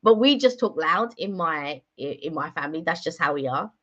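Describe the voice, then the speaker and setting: A woman's voice: deep voice, lively intonation, normal speed, fairly bright tone. Chatty woman on a dull lo-fi stream. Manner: chatty, rambling, many fillers. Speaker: live stream host. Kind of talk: casual live stream chat. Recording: dull lo-fi sound.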